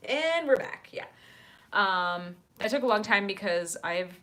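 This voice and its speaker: A woman's voice: mid-range voice, animated, measured pace, bright, forceful tone. A woman hosting a casual livestream from her apartment, chatting with viewers and reading their comments aloud with lots of ums. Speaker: livestream host.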